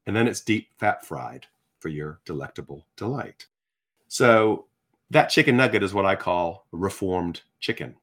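A man, from Virginia, telling personal stories as a guest in an animated, chatty, self-deprecating way, with many restarts. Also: deep voice, unhurried. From Virginia, United States. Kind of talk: personal storytelling in conversation.

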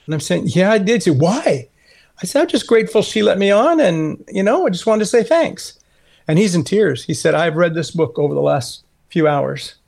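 A man's voice: sits high, moderate pace, creaky. A middle-aged man from California, a guest author telling a heartfelt story in an interview, earnest and acting out the dialogue he recounts. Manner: earnest, animated storyteller who acts out quoted dialogue.

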